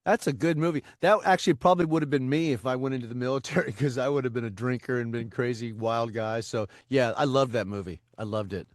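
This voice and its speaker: Animated storytelling man, mid-pitched. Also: quick pace, hardly any pauses, dry recording, studio quality. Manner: animated storyteller who acts out voices. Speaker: podcast co-host. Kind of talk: casual chat, storytelling.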